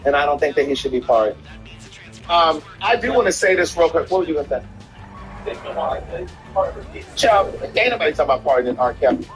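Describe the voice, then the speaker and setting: High-voiced opinionated man chatting. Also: sing-song, fairly quick, long pauses, faint music behind, poor audio. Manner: opinionated, emphatic, repeats himself. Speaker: streamer co-host. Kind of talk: casual chat while gaming.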